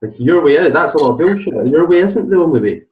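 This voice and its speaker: A man's voice: a little high, animated, fast, reverberant. Man, life coach, blunt and pushy, tinny phone line, far from the mic. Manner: blunt, swears, pushes with questions. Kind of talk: coaching call.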